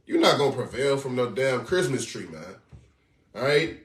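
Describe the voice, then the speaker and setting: A man preaching on scripture in a casual, animated way, full of slangy asides and mocking commentary. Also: medium pitch, normal speed. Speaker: street preacher. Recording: echoey room from far off.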